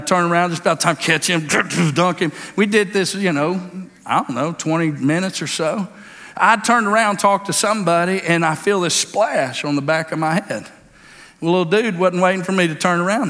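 A man's voice: on the high side, fairly bright tone, in a large hall. A man preaching a sermon, telling a family story in a folksy way with many fillers and restarts. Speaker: pastor.

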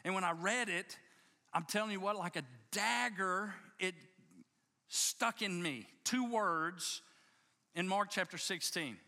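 Bright-voiced, impassioned male preacher. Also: high-pitched, slow pace, gravelly. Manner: impassioned, emphatic storytelling with frequent restarts. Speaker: pastor. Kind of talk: sermon. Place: church service before a congregation.

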